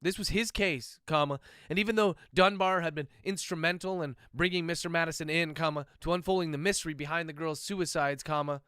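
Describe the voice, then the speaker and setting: A man's voice: a little high, brisk, hardly any pauses, smooth, dry recording, studio quality. Man dictating a novel aloud. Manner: steady dictation, saying punctuation marks aloud. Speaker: author.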